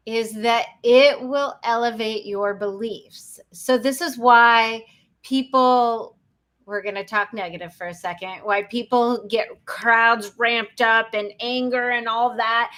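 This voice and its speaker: A woman's voice: a little high, a bit bright. A woman hosting a podcast, speaking in an emphatic, motivational coaching manner. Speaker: podcast host. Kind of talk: podcast interview.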